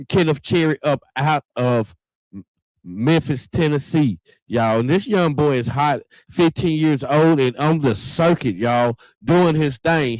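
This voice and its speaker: A man's voice: a little high, a little mellow, dry recording. A man hosting a casual livestream talk show in a chatty, folksy way, constantly addressing the viewers.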